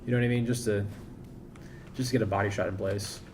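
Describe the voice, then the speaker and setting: A man's voice: fairly low pitch, fairly even intonation, fast, background noise. A man commentating casually while streaming a shooter game, rambling and joking at his own play. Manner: rambling, self-deprecating, talks over the action. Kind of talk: live gameplay commentary.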